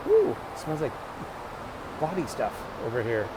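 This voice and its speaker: A man's voice: huge pitch swings, measured pace. A middle-aged man vlogging on a subway train, talking candidly in a rambling monologue with joking asides. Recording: loud rumbling train noise. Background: subway train and announcements.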